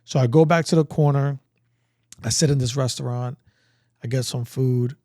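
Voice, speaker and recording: A man tells stories in an animated, casual way, acting out the people in them. His voice is gravelly. The sound is dry and close. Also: mid-range voice, normal speed, no echo. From Brooklyn, New York. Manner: animated, acts out dialogue, many likes. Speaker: guest, veteran. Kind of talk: casual storytelling.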